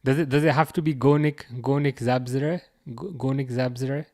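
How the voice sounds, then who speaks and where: A man's voice: mid-range voice, fairly even intonation, a little fast, a little mellow. A man with a Birmingham accent hosting a football watchalong livestream, reading viewer comments aloud in a chatty, laid-back way with frequent restarts and chuckles. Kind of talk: casual live-chat commentary.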